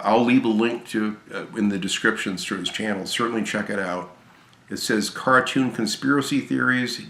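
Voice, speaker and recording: A tired, hoarse man chatting casually and gratefully about games he received, rambling with fillers and restarts. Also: fairly low pitch, fairly bright tone, roomy sound. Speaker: gaming channel host. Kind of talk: casual video chat about game pickups.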